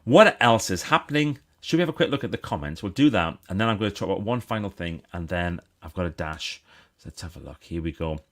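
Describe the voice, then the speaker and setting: A man with a northeast English accent hosting a casual live stream, chatty and breaking into excited exclamations. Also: low-pitched, fast. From northeast England.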